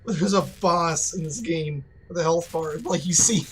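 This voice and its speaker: A man's voice: on the high side, unhurried, fairly bright tone, a little hiss or hum, poor audio. A man giving casual, rambling let's-play commentary, joking, laughing and swearing now and then. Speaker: gaming commentator.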